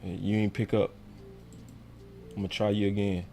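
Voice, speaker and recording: A man's voice: on the low side, flat delivery, normal speed, vocal fry, warm tone, soft background music. A man hosting a live call-in fan show, talking in a loose, slangy way and pressing viewers to hit like. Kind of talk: casual live-stream chat.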